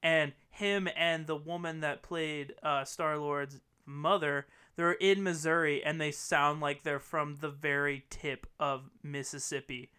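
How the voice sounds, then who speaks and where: Podcast co-host, man, bright and clear tone, animated and profane, casual chat. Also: on the high side, measured pace, few pauses. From US Midwest.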